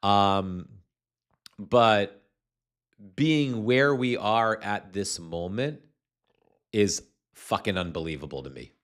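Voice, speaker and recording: A man's voice: fairly low pitch, slow, long pauses. Profane, stammering angry male commentator. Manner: profane, stammering, incensed ranting. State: congested with postnasal drip. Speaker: political commentator streaming a hearing.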